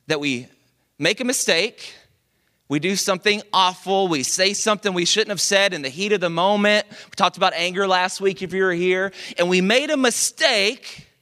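A man preaching a sermon, telling a story in a lively, conversational way with dramatic pauses. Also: sits high. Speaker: pastor.

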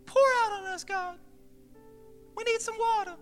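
A man voicing a bunch of elegant flowers that beg God for water in a squeaky falsetto plea. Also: fairly even intonation, moderate pace, in a large hall, soft background music. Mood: pleading. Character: elegant praying flowers, high and pleading. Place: church sanctuary.

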